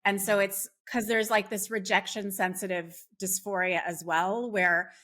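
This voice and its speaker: A woman's voice: mid-range voice, little pitch movement, a little slow, a bit bright. A woman speaking as a podcast guest, talking earnestly with frequent fillers and restarts. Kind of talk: casual conversation.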